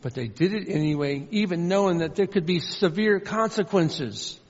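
A man preaching a sermon with earnest emphasis, swinging between loud stressed lines and soft low asides. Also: moderate pace, breathy edge. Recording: muffled sound with long hall reverb.

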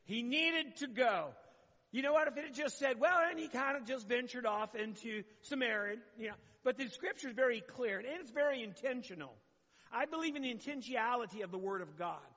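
A man's voice: very high-pitched, lively intonation, fairly quick, pushed and bright, big-room sound, lo-fi sound. A man preaching a sermon as pastor, talking conversationally and asking the congregation questions.

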